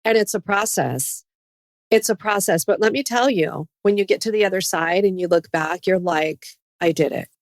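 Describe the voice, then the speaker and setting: A woman's voice: mid-range voice, normal speed, no room sound, clean studio sound. A middle-aged woman sharing her personal story as a podcast guest, speaking earnestly about healing and faith. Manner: earnest, faith-based testimony.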